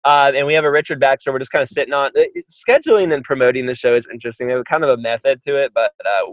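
A man's voice: mid-range voice, no echo, lo-fi sound. A man talking casually as a guest on a podcast, an enthusiastic and chatty storyteller.

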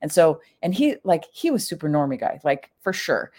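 A middle-aged woman with a lowish voice recounts a personal story in loose, casual talk. She leans on fillers and jumps up in pitch whenever she acts out what someone said. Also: big pitch swings, normal speed, darkish tone. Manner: chatty, full of "like" fillers, acts out quoted lines with big pitch jumps.

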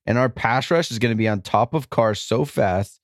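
A man's voice: medium pitch, normal speed, no room sound, studio quality. A man co-hosting a casual sports fan podcast, talking confidently in long emphatic runs. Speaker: podcast co-host.

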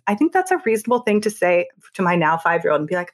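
A woman's voice: fairly low pitch, big pitch swings. Earnest reassuring woman guest. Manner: earnest, reassuring, quick asides with restarts. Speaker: podcast guest, founder. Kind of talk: conversational interview.

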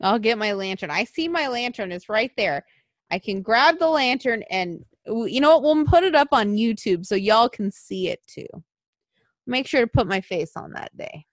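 A young woman co-hosting a podcast, venting and swearing in casual chat, lurching between mumbles and loud outbursts. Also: a little high, lively intonation, moderate pace, dry recording, clean studio sound. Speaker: podcast co-host.

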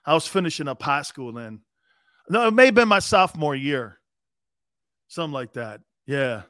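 A man's voice: a little high, big pitch swings, moderate pace, fairly bright tone, no echo, clean studio sound. A man in his fifties hosting a live show, telling a rambling, laugh-filled anecdote and acting out the quotes himself. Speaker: host. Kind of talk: casual storytelling on a live show.

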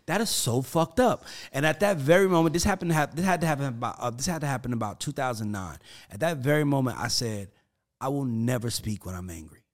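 A man's voice: medium pitch, quick pace, few pauses. A man in casual podcast chat with a mid-range voice. He tells his stories with energy, acts out the quotes in other voices and swears freely. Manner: animated storyteller who acts out quotes, curses freely. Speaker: podcast guest.

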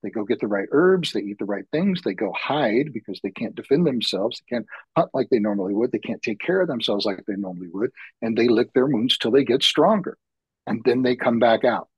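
A man's voice: medium pitch, animated, husky, dry recording, highs cut off. A man guesting on a podcast and telling heartfelt, reflective stories from his work as a men's retreat facilitator. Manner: reflective, heartfelt, slow-building. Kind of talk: earnest personal storytelling.

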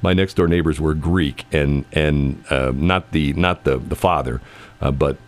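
A man's voice: very deep voice, measured pace. A middle-aged man hosting a radio show, telling rambling stories in casual chat, laughing often and restarting his sentences. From United States. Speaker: radio host.

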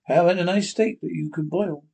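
Man doing nosy butcher, broken English, folksy, husky and dark. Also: high-pitched, a little fast. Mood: teasing.

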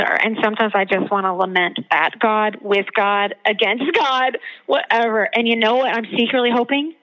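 A woman theologian and author speaking as a guest in a podcast interview, telling her points with animated emphasis. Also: medium pitch, highs cut off.

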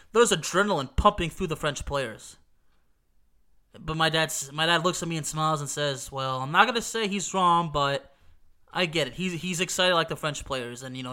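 A football fan with a high, sharp voice recounts a final he watched with his dad, his speech stuffy from allergies. The storytelling is excited and casual; he is emphatic, repeats himself, swears now and then, and keeps asking "okay?"

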